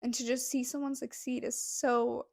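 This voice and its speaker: A woman's voice: a little high, level tone, moderate pace, creaky, a little mellow, dry recording. A young woman co-hosting a podcast, telling a story in a casual, gushing way with many fillers, close to tears. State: near tears. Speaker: podcast co-host.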